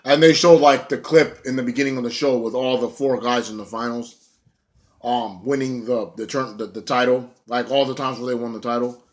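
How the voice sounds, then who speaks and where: A man's voice: medium pitch, fairly even intonation, brisk. A young man giving a casual spoken review, blunt and rambling, swearing often and filling with ums and likes. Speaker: wrestling show reviewer.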